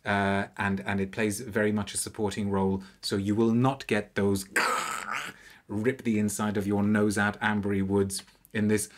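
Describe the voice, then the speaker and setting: A man hosting an unscripted live review, chatty and animated, with frequent restarts. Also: on the low side. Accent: non-French, anglicised French pronunciation.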